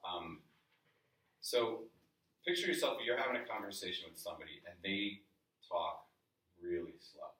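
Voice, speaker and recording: A man from the New York area runs a live sales training workshop in an office meeting room, coaching casually and throwing questions to the audience. His voice sits low with lively intonation and a sharp tone, moving at normal speed with long pauses. The room is very echoey, and he sounds distant from the mic.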